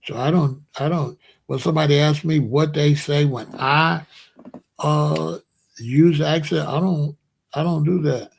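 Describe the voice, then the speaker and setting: Gravelly-voiced American man, boastful monologue. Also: fairly high pitch, fairly even intonation, a little slow, slight background noise. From United States. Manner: rambling, repetitive, boastful. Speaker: commentary show host. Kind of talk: casual monologue to viewers.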